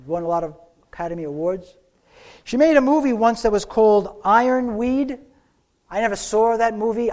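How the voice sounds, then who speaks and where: A man preaching a sermon, telling a story with slow, dramatic pauses. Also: high-pitched, darkish tone.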